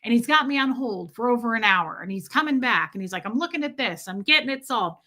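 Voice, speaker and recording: A woman hosting a livestream, telling a story as a casual rant, chatty and quick, full of restarts and "like". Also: fairly high pitch, lively intonation, bright, forceful tone. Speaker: livestream host.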